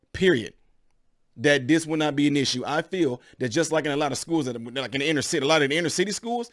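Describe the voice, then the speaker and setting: A man hosting his own channel, giving heated, rambling opinion commentary to his viewers. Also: fairly high pitch. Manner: animated, rambling, addresses viewers as y'all.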